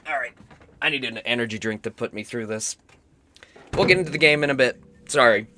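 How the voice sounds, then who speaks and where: Hoarse sick young man streaming. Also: medium pitch, fairly quick, pushed and bright. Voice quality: rough, cracking voice. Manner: rambling, self-mocking, swears often. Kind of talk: casual gaming stream chat.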